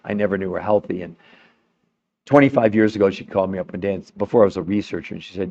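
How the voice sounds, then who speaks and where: A man's voice: deep voice, brisk, gravelly, darkish tone. A man hosting a podcast, talking to his viewers in an emphatic, insistent way, often repeating his words, and straining his voice. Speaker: podcast host. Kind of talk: impassioned livestream talk to viewers. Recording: dull lo-fi sound.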